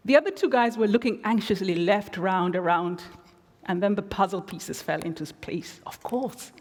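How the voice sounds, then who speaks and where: Woman, guest lecturer; reflective, measured storytelling with dry humor; long theatre reverb. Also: mid-range voice. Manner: measured, reflective, wry asides. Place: large theatre.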